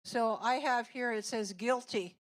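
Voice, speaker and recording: A woman presenting a teacher training workshop in a classroom, explaining an activity step by step and walking through examples. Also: on the high side. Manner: slow, deliberate, explaining and demonstrating with examples.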